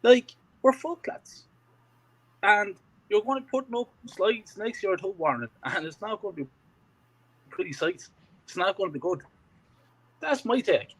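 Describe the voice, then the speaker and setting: A man's voice: high voice, sing-song, moderate pace, long pauses, a bit bright, slightly rough, poor audio. A man ranting in casual chat as a co-host, frustrated and emotional about his football club. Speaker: fan podcast co-host.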